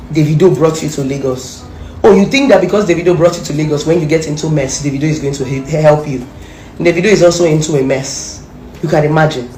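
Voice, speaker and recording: A woman's voice: low-pitched, a little mellow, reverberant, slight background noise. A Nigerian woman delivering a confrontational, scolding rant straight at someone, repeating her insults for emphasis. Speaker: social media commentator. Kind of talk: angry direct-to-camera rant.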